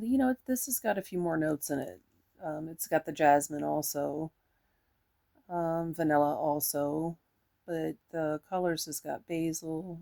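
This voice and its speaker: A woman's voice: deep voice, warm tone. A woman chatting casually in a fragrance review, rambling and enthusiastic, with lots of fillers.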